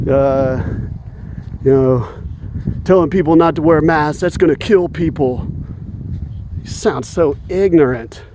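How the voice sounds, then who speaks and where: A man's voice: fairly high pitch, slow pace, pauses often, background noise. A man vlogging while walking outdoors in the evening, talking in a heated, indignant way and chuckling often between points. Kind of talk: casual rant while walking.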